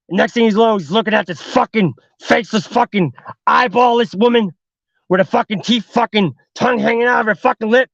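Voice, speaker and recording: Host, male, high-ish gravelly voice, profane casual horror storyteller, dull dry livestream audio. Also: fairly quick, fairly bright tone, no echo. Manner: heavy swearing, fillers like "like". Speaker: podcast host.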